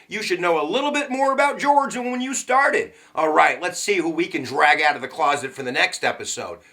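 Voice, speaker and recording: High, bright-voiced joking history teacher. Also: male voice. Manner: jokey, slangy and animated, with sudden asides. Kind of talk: casual history lesson.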